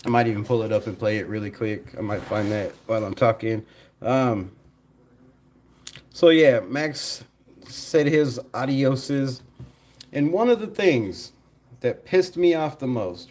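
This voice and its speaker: A man hosting a casual live stream, animated, laughing often and talking to his chat. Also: medium pitch, measured pace, pauses often.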